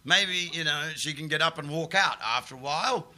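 A man and comedian talking casually, animated, with stammering restarts. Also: fairly high pitch, normal speed. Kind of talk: casual conversation.

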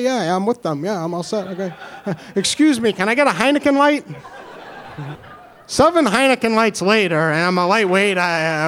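A young man with a New York accent telling a funny personal story, animated and self-deprecating, with halting restarts. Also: high-pitched. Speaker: storyteller and comedian. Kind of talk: comedic personal story told to an audience.

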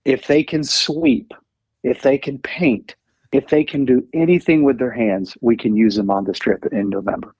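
A man's voice: mid-range voice, steady tone, normal speed, darkish tone, breathy edge, no room sound. A man who is a missionary guest on a podcast, earnestly encouraging listeners to volunteer. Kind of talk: casual interview.

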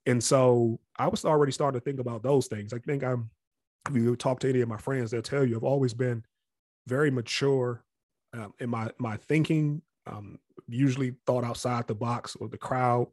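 A man from the Capitol Heights area near Washington, D.C., past college age, is an interview guest telling his story in a reflective, candid manner and often voicing other people. His mid-range voice has fairly even intonation, a moderate pace and a slightly mellow quality. Clean studio sound, no room sound.

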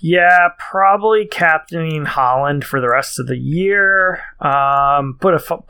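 Gravelly, bright-voiced man on a podcast. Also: a little high. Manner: easygoing, laughs often. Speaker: podcast co-host. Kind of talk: casual podcast chat.

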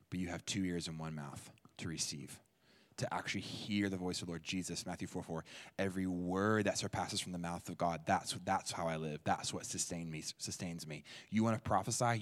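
A male pastor giving a sermon in a church, his voice sitting low. He talks in a loose, energetic way and slips into other people's voices to act out what they say. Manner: conversational and energetic, jumps into playful high-pitched voices for quoted people.

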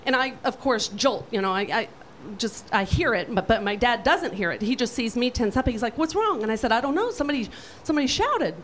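A woman telling a profane, animated comic story on stage, brash and lively. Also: on the high side, fairly quick, slight background noise, rough recording. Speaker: storyteller guest.

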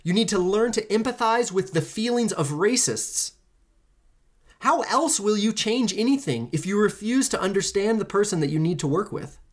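Podcast host ranting solo, preachy and emphatic, repeats stuff over and over, swears casually, voice jumps high then low. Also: animated, normal speed. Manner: pitch and pace swing widely between lines. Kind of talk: impassioned solo podcast monologue.

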